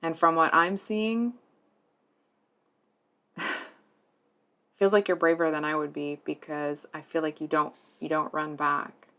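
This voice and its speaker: A woman giving a tarot reading to her viewers, speaking softly and hesitantly, earnest and emotionally moved, with many fillers and restarts. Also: sits low, steady tone, a little slow, pauses often. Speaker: tarot reader.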